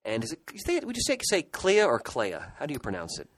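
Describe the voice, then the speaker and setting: A man's voice: a little high, wildly swooping pitch, rapid-fire, dry recording, low-quality recording. A middle-aged man co-hosting a podcast, casually and nostalgically rambling through childhood memories. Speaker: podcast co-host. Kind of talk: casual chat.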